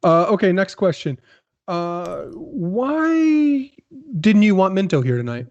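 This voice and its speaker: A man hosting a podcast keeps the chat playful, teasing his co-hosts and working through a list of questions. His voice is a little high for a man. The sound is dry and close, with no room echo. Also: sing-song, slow, darkish tone, highs cut off. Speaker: podcast host asking questions. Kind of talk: casual chat.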